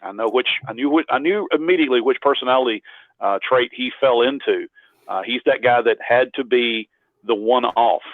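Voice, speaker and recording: A man's voice: medium pitch, moderate pace, no echo. Man rambling over a tinny line. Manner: rambling anecdotes with frequent restarts. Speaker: interview guest, cosplayer. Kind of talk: casual interview storytelling.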